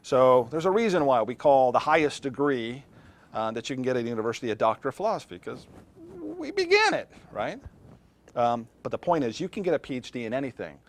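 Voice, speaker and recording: A man's voice: mid-range voice, sing-song, fairly quick. A middle-aged man, a philosophy professor, lecturing a class in a classroom in a conversational way, often putting questions to his students.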